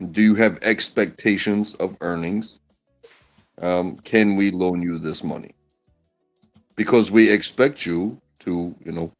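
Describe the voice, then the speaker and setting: A man in a casual discussion who talks hesitantly, with many pauses and restarts. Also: low voice.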